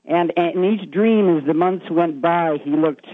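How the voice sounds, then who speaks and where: A man with a slightly high voice phones in and rambles through a secondhand ghost story, putting on spooky voices for the quotes. The tinny phone line sounds thin and dry. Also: a little slow, no room sound. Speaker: caller.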